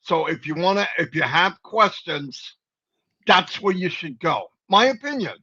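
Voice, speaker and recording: A man's voice: a little high, unhurried, bright, forceful tone. A man co-hosting a live company stream, giving rambling, folksy, preachy advice in a casual pep talk. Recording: dull lo-fi stream audio.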